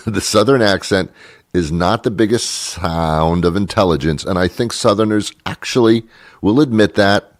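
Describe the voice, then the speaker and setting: A man with a very deep voice hosts a talk show in a dry, close studio sound. He rambles sarcastically and laughs between his points. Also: a little slow, no room sound. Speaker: radio talk show host. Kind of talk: casual monologue.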